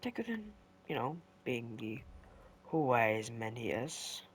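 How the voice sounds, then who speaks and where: A man's voice: medium pitch, big pitch swings, takes it slowly, slight background noise. A young man gives casual gameplay commentary, rambling through a story and correcting himself as he goes. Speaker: gaming video creator. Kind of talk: casual commentary while playing and telling a story.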